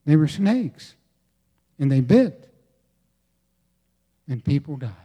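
A man preaching a sermon from the United States, slow and deliberate, with emphatic pauses and repetition. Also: a little high, sing-song, mellow, slightly rough. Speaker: pastor.

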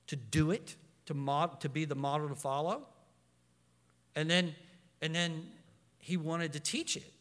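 A middle-aged man preaching a sermon as pastor, animated and storytelling, with frequent restarts. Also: on the high side. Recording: long hall reverb.

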